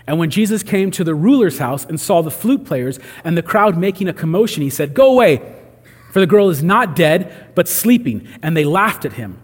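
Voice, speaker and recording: A man's voice: a little high, expressive, normal speed, hardly any pauses, slightly rough, in a large hall. A man preaching a sermon in a conversational way, acting out the voices he quotes. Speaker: pastor.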